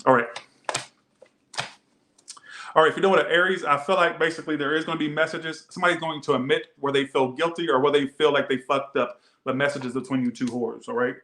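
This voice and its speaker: A man's voice: a little high, steady tone, fast, pushed and bright, echoey room. A man doing a casual tarot reading, rambling and swearing, often repeating himself. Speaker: tarot reader.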